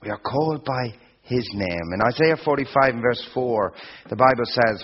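A man preaching a sermon, slow and emphatic, building repeated phrases to a peak. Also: mid-range voice, husky. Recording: dull lo-fi sound.

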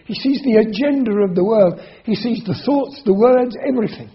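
A man preaching a sermon in an emphatic way, slowing down and repeating key phrases. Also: very high voice, slightly rough. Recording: dull lo-fi sermon recording.

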